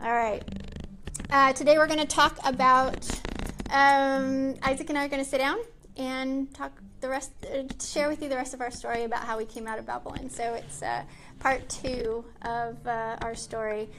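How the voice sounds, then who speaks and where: High-voiced chatty woman host. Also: steady tone, moderate pace, sharp tone, a little hiss or hum. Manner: chatty and upbeat with frequent ums and likes. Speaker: show host. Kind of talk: casual chat to a live-stream audience. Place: small closed room in a library.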